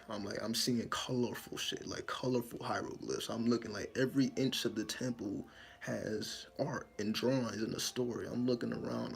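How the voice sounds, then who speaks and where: A man in casual talk, telling a vivid dream story in an animated, profane way and acting out his own scared lines. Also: fairly low pitch, vocal fry. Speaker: spiritual storyteller.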